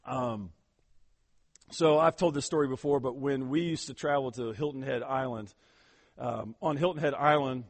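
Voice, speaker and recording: A man's voice: medium pitch, normal speed. A man preaching a sermon as pastor, urging his congregation on emphatically and often repeating words as he goes.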